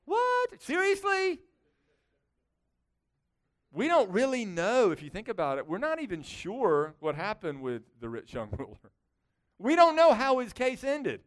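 High, smooth-voiced male preacher. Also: normal speed. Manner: conversational, animated, with sarcastic asides. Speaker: pastor. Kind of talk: sermon.

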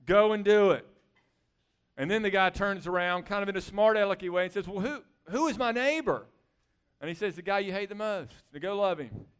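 High-voiced, smooth male preacher. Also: fairly quick. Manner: conversational, animated preaching with rhetorical questions. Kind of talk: sermon.

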